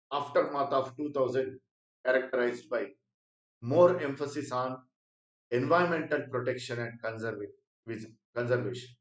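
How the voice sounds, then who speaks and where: A man teaching an exam prep lecture in Indian English, repeating key phrases and often clearing his throat. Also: medium pitch, fairly bright tone, reverberant, recorded from a distance, rough recording. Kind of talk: spoken lecture.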